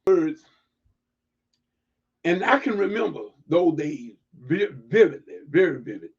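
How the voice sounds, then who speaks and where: A man preaching reflectively to an online audience, emphatic and repeating words as he builds to near-shouts. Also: on the high side, big pitch swings, a little slow, gravelly, long pauses, husky, muffled recording. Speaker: livestream preacher.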